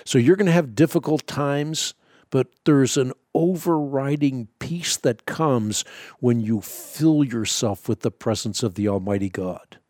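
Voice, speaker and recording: A man's voice: mid-range voice, a little slow, darkish tone, no echo, clean studio sound. A man hosting a Christian call-in radio show, giving earnest pastoral counsel to a caller. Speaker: radio talk show host.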